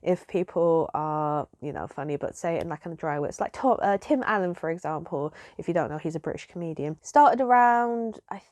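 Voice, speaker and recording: A woman's voice: low voice, expressive, fairly quick, hardly any pauses, a little mellow, dry recording. A woman vlogger chatting casually and emotionally, rambling with lots of fillers and restarts. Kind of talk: casual chat.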